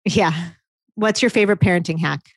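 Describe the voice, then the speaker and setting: A woman co-hosting a casual chat, an animated storyteller who laughs often. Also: lowish voice, brisk, slightly rough, dry recording. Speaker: podcast co-host.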